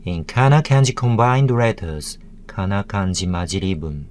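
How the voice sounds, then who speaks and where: A man giving a scripted tutorial narration, deliberately sounding out words one syllable at a time. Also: low voice, expressive, a little hiss or hum.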